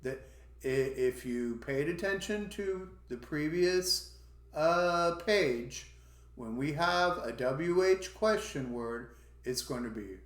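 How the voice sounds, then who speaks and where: A man's voice: mid-range voice, lively intonation, slow, reverberant. A man teaching an English class, demonstrating question intonation by swooping his voice up and down. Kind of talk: online language lesson.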